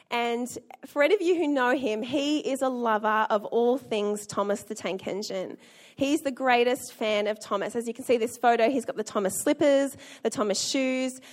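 Aussie lady pastor, 30s, high voice, earnest sermon storytelling.

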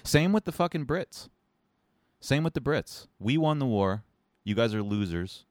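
A man's voice: mid-range voice, measured pace, no echo, clean studio sound. A man co-hosting a casual chat, joking and sardonic as he tells stories. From United States. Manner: sardonic, joking, animated storytelling.

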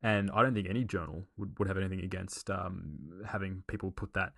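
A man hosts a casual podcast chat, talking earnestly with lots of "um"s and restarts. His voice sits low with a gravelly edge. The recording is dry and close. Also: fairly even intonation, fairly quick, no room sound. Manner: earnest, explanatory, with many fillers and restarts. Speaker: podcast co-host.

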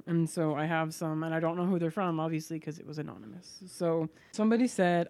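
A woman's voice: deep voice, fairly even intonation, moderate pace, hardly any pauses, a little mellow, clear, resonant tone, no echo. A young woman co-hosting a podcast, telling stories in casual chat with frequent giggles. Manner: giggly, storytelling. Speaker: podcast co-host.

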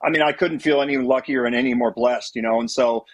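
Middle-aged man, husky voice, quick talk, rambling anecdotes, dry sound. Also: medium pitch, fairly even intonation, no room sound. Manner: rambling, full of "you know" and restarts. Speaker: guest, former baseball pitcher. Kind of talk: casual storytelling.

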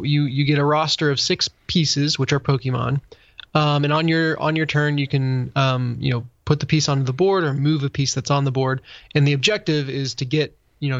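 A man on a casual tech podcast explains things at length, filling pauses with ums and restarts. His voice sits a bit high for a man. The audio is dull and muffled in a dry, close setting. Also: fairly bright tone, no echo. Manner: rambling, explanatory, many fillers. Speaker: podcast co-host.

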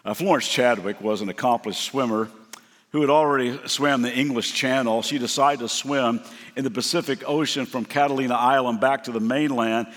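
A man's voice: medium pitch, moderate pace, a bit bright. Man preaching in a reverberant hall. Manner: storytelling, acts out quotes with shifts in voice. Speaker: guest pastor. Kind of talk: sermon.

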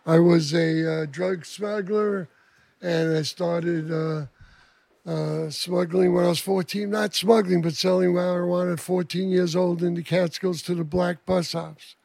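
An older man beginning a story on stage, starting and stopping with frequent pauses. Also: sits high, steady tone, gravelly, a little mellow, no room sound. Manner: halting, with many uh fillers. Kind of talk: live storytelling.

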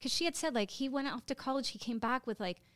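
An American woman in her thirties co-hosts a podcast, telling a story casually and emotionally with halting speech and plenty of fillers. Her voice sits on the high side, expressive and a bit bright, with no echo.

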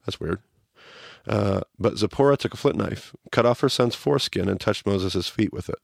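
Gravelly-voiced man teaching casually. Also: lowish voice, normal speed, no echo, clean studio sound. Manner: animated, acts out quotes as he teaches. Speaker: podcast host and Bible teacher.

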